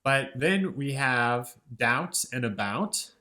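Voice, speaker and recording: A man's voice: mid-range voice, expressive, takes it slowly, pushed and bright. A young man giving a casual music lesson, thinking aloud as he breaks down song lyrics, with many "right?" and "kind of" fillers. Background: faint ukulele.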